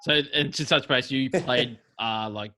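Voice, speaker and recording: Bright-voiced man, chatty host. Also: mid-range voice, unhurried. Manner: chatty, teasing. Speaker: podcast co-host. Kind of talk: casual chat.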